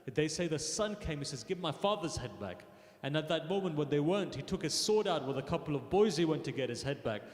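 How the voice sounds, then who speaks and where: A man's voice: a little high, expressive, brisk. A man telling a mournful religious story in a sermon, voicing the people in it as his intensity rises. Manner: storytelling, voicing quoted figures with rising intensity. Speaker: speaker at a mosque gathering. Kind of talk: emotional sermon narration. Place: mosque hall. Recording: echoey hall with long reverb.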